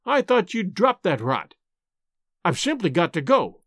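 A man's voice: high-pitched, big pitch swings, a little slow, fairly bright tone, dry recording, clean studio sound, exaggerated voice. A man voicing an impatient young male spy who talks brusquely and hurriedly in an audiobook reading.

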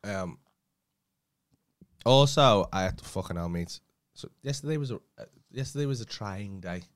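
Lively joking man, lots of swearing. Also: on the low side, moderate pace, no echo, clean studio sound. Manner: swears a lot, jokey and teasing. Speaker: podcast co-host. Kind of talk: casual chat.

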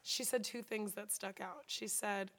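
A woman chatting casually about her therapy, animated and expressive, acting out quotes and laughing often. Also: mid-range voice, measured pace.

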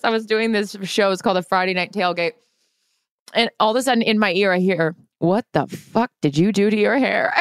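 A woman's voice: medium pitch, a bit bright, clear, resonant tone, no room sound, clean studio sound. A woman co-hosting a podcast in casual chat, telling stories in a chatty, laughing way and swearing freely. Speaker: podcast co-host.

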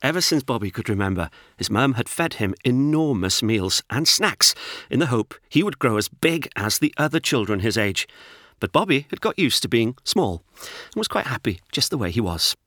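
A man reading a children's storybook aloud in an expressive, lively narration. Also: medium pitch, moderate pace, no room sound, clean studio sound.

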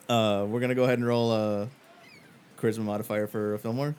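A man narrating as game master in a relaxed, hesitant way. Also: on the low side, brisk, clear, resonant tone.

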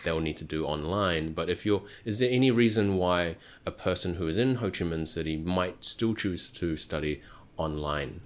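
A man's voice: low voice, moderate pace. A man hosting a podcast interview, asking curious follow-up questions with hesitant restarts.

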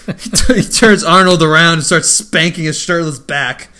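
A man's voice: a little high, moderate pace, sharp tone. A man hosting a casual chat, retelling a film with frequent laughs. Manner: laughing, rambling recap. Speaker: podcast host.

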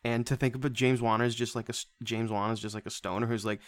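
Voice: medium pitch, steady tone, fast talker, few pauses, dry recording. A podcast co-host in casual chat, rambling and joking crudely while laughing a lot.

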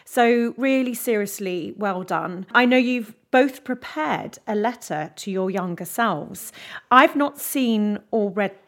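A woman hosts a podcast and speaks to her guests with enthusiasm and appreciation. Her voice sits at a middle pitch. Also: expressive, slow. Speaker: podcast host. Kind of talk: interview hosting.

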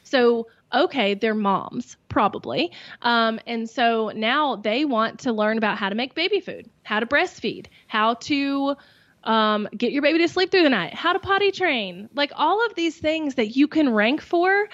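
Woman, bubbly and over the top, slightly high voice, dry muffled call audio. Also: animated, unhurried, a bit bright, no echo. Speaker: guest, YouTube coach. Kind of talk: casual interview chat.

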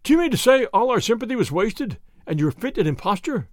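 A man reading aloud, voicing a hearty elderly retired colonel with a loud manner. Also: sits high, sing-song, fairly quick, no echo, clean studio sound, voice pushed up. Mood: amused disbelief.

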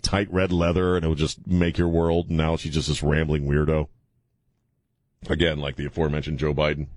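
A man's voice: a bass voice, no echo. A man hosting call-in talk radio from a studio, with mocking, irreverent banter and frequent laughs. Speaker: radio talk show host. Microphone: studio microphone.

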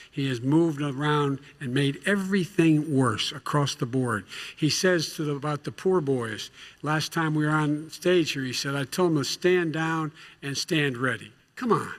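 A man's voice: fairly high pitch, a bit bright. A man at a televised debate speaking indignantly and emphatically.

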